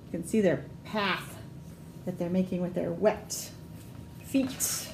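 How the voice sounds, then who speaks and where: A woman working as a children's librarian, reading a picture book aloud at storytime in a gentle, expressive, animated way. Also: fairly low pitch, takes it slowly, vocal fry, roomy sound, slight background noise.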